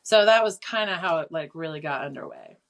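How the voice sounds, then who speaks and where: A middle-aged woman telling her story as an interview guest, animated and casual, with lots of fillers and free swearing. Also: low-pitched, a little fast. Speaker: clairvoyant and teacher, guest.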